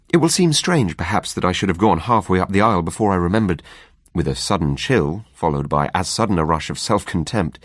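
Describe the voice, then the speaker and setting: Man, scripted ghost story narration, very deep voice, measured, suspenseful, dry studio sound. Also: no echo. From Britain. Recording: dry studio radio reading.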